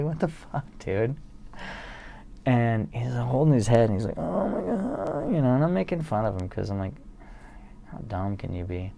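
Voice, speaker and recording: A man with a low, gravelly and mellow voice tells a rambling, swear-filled story in a loose, casual way, chuckling at his own tale. A faint hiss of room noise sits under him. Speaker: solo streamer or vlogger reading poems. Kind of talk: casual storytelling to an absent audience.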